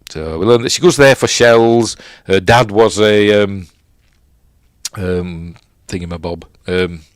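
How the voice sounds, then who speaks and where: A man's voice: on the low side, slow, no echo, clean studio sound. A middle-aged man with a Yorkshire accent, rambling through a casual film commentary, correcting himself and chuckling between fillers. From Yorkshire, England. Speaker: film reviewer, host.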